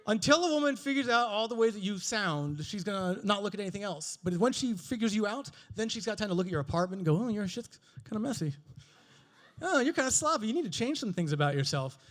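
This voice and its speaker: A man performing a stand-up comedy set on stage with a handheld mic, animated and swearing, mimicking other voices with big jumps in pitch. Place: comedy stage before a live audience.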